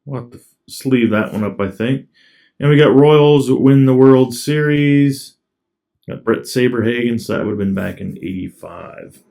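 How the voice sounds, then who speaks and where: With a mellow, creaky, mid-range voice, this man speaks at a moderate pace as he opens packs of trading cards. He's a collector who comments casually and reads each card out in a laid-back style.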